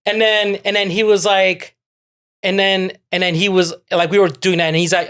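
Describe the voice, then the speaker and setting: A man's voice: high-pitched, level tone, normal speed, fairly bright tone, clear, resonant tone. A man co-hosting a casual podcast, telling a rambling story with fillers and giggles. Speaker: podcast co-host.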